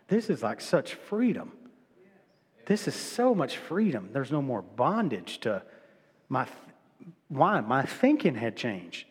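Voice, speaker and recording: In a church sanctuary, a middle-aged male pastor preaches a sermon in a casual, conversational style, often repeating himself and restarting phrases. His voice is on the high side, and the room gives it a long reverb tail.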